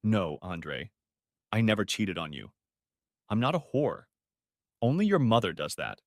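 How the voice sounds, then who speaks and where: A man's voice: on the low side, very animated, a little slow, no echo. Figure: scheming young wife, played by a man. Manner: sneering, patronizing. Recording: dry, close. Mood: mocking. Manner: sneering then smoothly patronizing.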